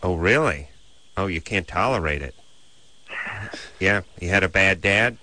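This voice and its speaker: Man hosting call-in radio, bright and fairly low, a wisecracking riffer who grills callers. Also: animated, slight background noise. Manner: joking, riffing, quick questions to the caller. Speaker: radio show host. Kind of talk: casual call-in radio banter.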